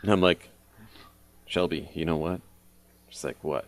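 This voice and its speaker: A man's voice: very deep voice, steady tone, measured pace. A middle-aged man co-hosting a podcast, chatting casually and rambling through stories, laughing often. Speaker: podcast co-host. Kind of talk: casual chat.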